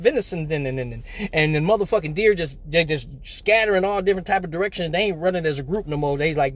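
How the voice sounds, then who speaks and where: A man's voice: on the high side, fast talker, few pauses. A man telling a profane comic story on a live stream, acting out voices and sounds. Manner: animated, profane, acts out voices. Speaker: live show host. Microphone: phone or webcam on a live stream.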